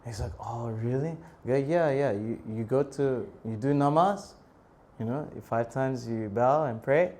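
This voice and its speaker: Animated man telling a story. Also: mid-range voice, unhurried. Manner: animated, laughs often, bursts into shouted prayers. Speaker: monk preacher. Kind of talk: storytelling talk. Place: temple talk in Australia.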